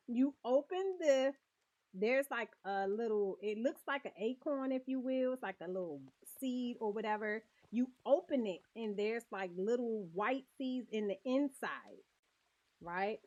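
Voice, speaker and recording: A woman's voice: a little high, expressive, measured pace, a little mellow. A woman streaming a cozy game, chatting and often laughing as she talks to her viewers. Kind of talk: casual game stream chat. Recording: dull lo-fi stream audio.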